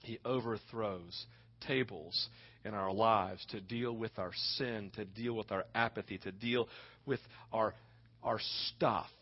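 A man's voice: lowish voice, steady tone, a little slow, husky. A male pastor preaching a sermon with impassioned, dramatic storytelling, often asking his listeners "right?". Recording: dull lo-fi recording.

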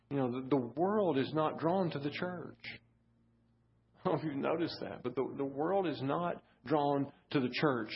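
A middle-aged man preaching a storytelling sermon, halting and repeating words, building to fervent preaching. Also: on the high side, slightly rough. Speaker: guest pastor. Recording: dull lo-fi sermon audio.

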